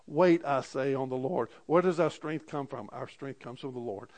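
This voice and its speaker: A man preaching a sermon to a congregation, impassioned, repeating amen, with sudden swings between loud bursts and quiet asides. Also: medium pitch, moderate pace, few pauses. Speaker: pastor.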